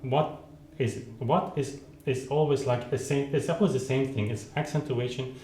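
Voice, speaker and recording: In a room with a keyboard, a male piano teacher speaks at a normal pace in a mellow, steady mid-range voice, with a bit of hiss or hum in the background. He demonstrates and explains, thinking out loud, starting over, and vocalizing rhythms with syllables, while the instrument sounds between his phrases in the roomy space.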